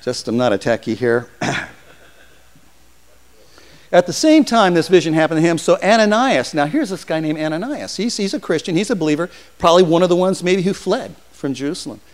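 An older man preaches to his congregation, telling the story with animated energy and slipping into voices for the people in it. His voice sits a little high for a man. A long reverb trails behind each phrase, as in a church hall. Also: quick pace. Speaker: pastor. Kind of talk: sermon.

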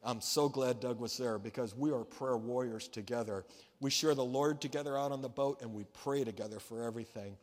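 A man's voice: mid-range voice, a little fast. Male pastor preaching in a reverberant hall. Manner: storytelling, conversational preaching with restarts. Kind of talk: sermon. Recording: long reverb of a large hall.

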